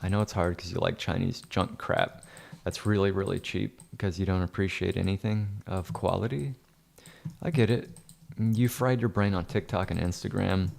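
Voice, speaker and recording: A man with a low, gravelly voice hosts a photo-editing livestream, talking. He rambles in a sarcastic, mock-grandiose way, teasing his viewers as he works. Typing and mouse clicks sit behind his voice. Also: a little mellow, a little hiss or hum.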